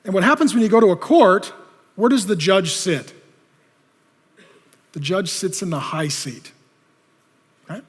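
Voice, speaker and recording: Brief: high-voiced male pastor, very animated sermon delivery, long hall reverb. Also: measured pace, pauses often, slightly rough. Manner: animated preaching, rhetorical questions to the audience.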